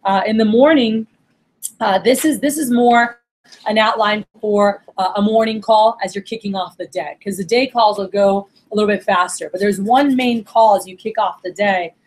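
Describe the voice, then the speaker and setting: A woman's voice: mid-range voice, normal speed, rough recording. A woman coaching a group on sales calls, casual and slangy, acting out examples with lots of energy. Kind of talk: coaching talk to a group of managers.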